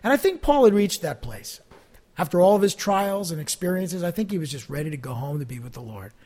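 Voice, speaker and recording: High-voiced male pastor preaching casually. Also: lively intonation, a little fast, a little mellow. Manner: conversational preaching with fillers, rising emphasis on key phrases. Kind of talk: sermon.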